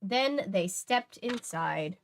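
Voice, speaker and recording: A woman's voice: medium pitch, expressive, takes it slowly, a little hiss or hum. Chatty woman reading a book aloud at home. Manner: chatty, laughs, restarts, self-corrects. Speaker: book reader. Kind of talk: casual read-aloud with asides.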